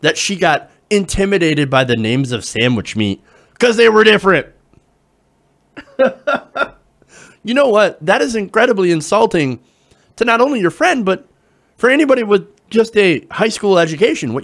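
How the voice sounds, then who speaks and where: A man's voice: high voice, sing-song, moderate pace, a bit bright. A young man hosting a political commentary show, sarcastic and incredulous as he swears his way through a rant. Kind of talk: opinionated news commentary.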